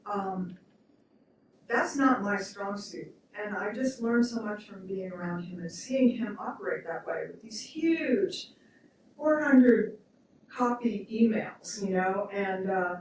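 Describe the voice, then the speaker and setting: A woman shares fond stories at a memorial, chatty and quick to laugh. Her voice is close to tears at moments. It comes from some way off the mic in a very echoey hall. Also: mid-range voice, lively intonation, distant mic, a little hiss or hum. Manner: chatty, laughing, emotional storytelling. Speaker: memorial speaker. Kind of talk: spoken remembrance at a memorial event.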